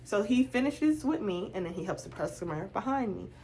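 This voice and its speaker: Young woman, storytime vlogger, animated, plays out both voices in a conversation, casual chat. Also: medium pitch, fairly quick, slight background noise.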